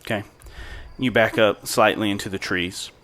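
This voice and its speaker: A man's voice: fairly low pitch, steady tone, normal speed, fairly bright tone. A man narrating as game master of a tabletop role-playing game, describing scenes in an easygoing, descriptive way.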